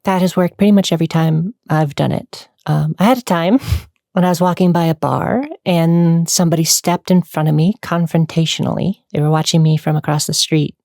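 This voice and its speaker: A woman with a low, gravelly voice talks straight to camera, answering questions in a loose, rambling way. Her delivery is casual and chatty, with easy laughs between thoughts. The sound is close and dry. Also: steady tone, brisk, dark tone, no echo. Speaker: online creator answering fan questions.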